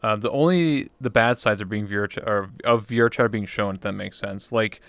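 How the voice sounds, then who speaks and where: A man's voice: on the low side, a little fast. A man hosting a casual interview, talking in a rambling way with many fillers and restarts. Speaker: interview host and streamer. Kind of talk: casual chat.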